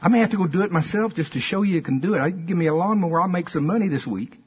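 An older pastor preaches in a church in a folksy, conversational way, repeating his points and drawing call-and-response from the congregation. His voice sits high, with lively intonation, a racing pace, and slight roughness. The sermon recording is dull and lo-fi.

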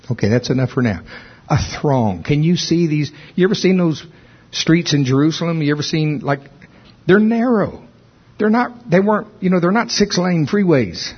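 A man preaching a sermon with emphatic delivery, rising in pitch when stirred. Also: lively intonation, moderate pace, husky, highs cut off. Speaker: pastor.

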